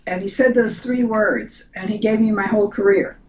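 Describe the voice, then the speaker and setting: A woman's voice: medium pitch, fairly even intonation, moderate pace, darkish tone, muffled recording. An older woman, a designer from the United States, telling stories casually in an interview, with many restarts. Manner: chatty, anecdotal, frequent restarts. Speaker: guest designer.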